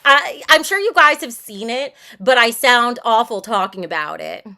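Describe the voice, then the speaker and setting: Bright-voiced woman chatting on a livestream. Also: fairly high pitch, animated, normal speed. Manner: chatty and blunt, reads out and answers chat; breezy, frank and irreverent. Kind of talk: casual livestream chat.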